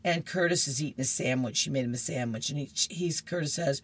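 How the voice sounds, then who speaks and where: A woman's voice: sits low, brisk, few pauses, breathy edge, dry recording. A woman reading comic strips aloud on radio, chatty with laughing asides. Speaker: radio reader.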